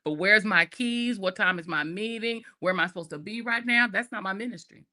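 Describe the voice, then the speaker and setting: A woman's voice: mid-range voice, brisk, bright, forceful tone. A woman hosting a podcast in casual chat, joking at her own expense and laughing often. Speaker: podcast host.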